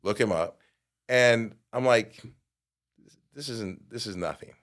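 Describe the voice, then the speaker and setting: A middle-aged man with a somewhat low voice tells a personal story on a podcast. He acts out other people's lines and swings from quiet asides to loud outbursts. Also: slow pace. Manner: animated storyteller, acts out quotes with big jumps in loudness. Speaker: guest.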